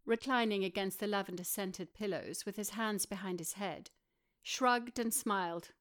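A woman narrating an audiobook in an even, measured way. Her voice sits at a middle pitch, and she reads steadily through the story. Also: clean tone.

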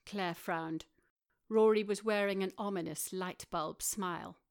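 A woman narrating an audiobook in an even, measured way. Her voice sits at a middle pitch, and she reads steadily through the story. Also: gravelly, clean tone.

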